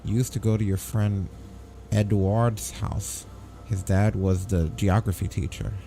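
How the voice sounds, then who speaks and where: Gravelly, dark-voiced man reading a game. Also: fairly low pitch, steady tone, a little slow, soft background music. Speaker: let's play host. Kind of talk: reading game text aloud in a let's play.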